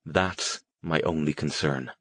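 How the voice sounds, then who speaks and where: A man voicing a cold, dispassionate male mage who speaks flatly and without emotion. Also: rumbling low, slow pace, dry recording, exaggerated voice. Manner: flat, clipped, emotionless.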